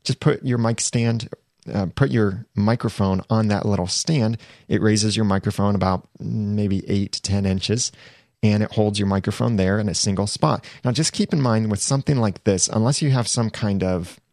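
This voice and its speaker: Chatty low-voiced man explaining gear. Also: a little mellow, no echo, studio quality. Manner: chatty, self-correcting, slows down to stress items. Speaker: podcast host reviewing gear. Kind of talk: casual explanatory talk.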